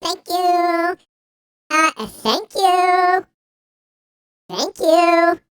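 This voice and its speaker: A man doing a mocking impression of a young woman politician, drawn-out and full of filler words, into a close mic. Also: extremely high pitch, fairly bright tone, no room sound, voice pushed up, full character voice. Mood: sneering. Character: sneering young woman politician, whiny valley-girl tone. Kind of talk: mocking impression in a podcast rant.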